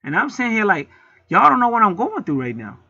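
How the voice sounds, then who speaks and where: A man hosts his own channel and rants in a heated, preachy way, full of profanity. His voice is gravelly and sharp-edged, a little higher than most men's. The sound is dry and dull, like a lo-fi home recording. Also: huge pitch swings, fast, dry recording. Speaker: channel host. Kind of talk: casual rant to camera.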